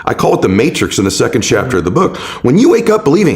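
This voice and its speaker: A man, a guest author in an interview, telling his story with impassioned emphasis and big swings in pitch. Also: wildly swooping pitch, fast talker, hardly any pauses, darkish tone.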